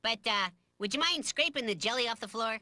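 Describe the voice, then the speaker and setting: A man voicing a goofy, excitable male cucumber in a cartoon, hammy and silly. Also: extremely high pitch, fairly quick, dry recording, heavily acted. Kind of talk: animated cartoon acting.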